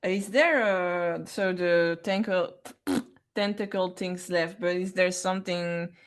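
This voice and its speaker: Halting woman tabletop player. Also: fairly low pitch. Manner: hesitant, halting. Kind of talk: tabletop game play.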